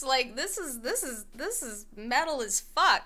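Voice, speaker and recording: A woman's voice: sits high, sing-song, measured pace, hardly any pauses, pushed and bright. A young woman streaming a video game, rambling casually with many fillers, swearing and laughing. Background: faint music playlist.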